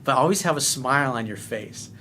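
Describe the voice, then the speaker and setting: A man talking as a life coach in a casual monologue, loud, blunt and full of swearing, smiling as he speaks. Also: mid-range voice, expressive, fairly quick, a little hiss or hum. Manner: blunt and profane.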